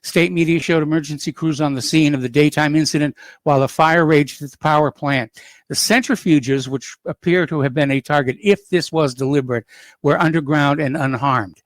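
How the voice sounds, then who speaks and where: A male talk radio host reads through the day's news at an easy, unhurried pace and breaks in with blunt opinions. His voice sits a little high for a man. It is recorded dry and close in a studio, with no room sound. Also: steady tone, dry recording. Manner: unhurried, conversational, opinionated asides. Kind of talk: news commentary and call-in radio.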